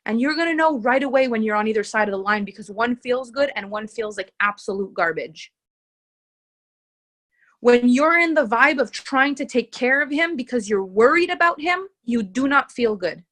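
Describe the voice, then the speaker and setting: Earnest, higher-voiced woman coach. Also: expressive, moderate pace, a bit bright. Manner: earnest and emphatic, repeats key phrases. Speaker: relationship coach. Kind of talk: live coaching session, reading out viewer comments.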